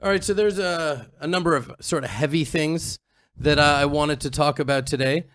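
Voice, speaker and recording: A man's voice: fairly high pitch, normal speed, a bit bright, no echo, clean studio sound. A man co-hosting a casual chat, teasing and joking with his friend. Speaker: co-host. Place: outdoors on a farm in the mountains.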